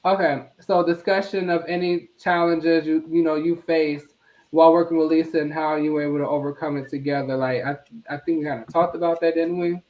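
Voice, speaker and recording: A woman's voice: deep voice, steady tone, brisk, darkish tone, poor audio. A woman interviewer asking questions in a hesitant way, with many fillers and restarts. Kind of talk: conversational interview.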